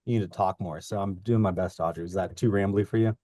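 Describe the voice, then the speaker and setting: Long-winded low-voiced man, dry sound. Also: fairly even intonation, fast talker, warm tone, no echo. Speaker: podcast co-host. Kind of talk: casual chat.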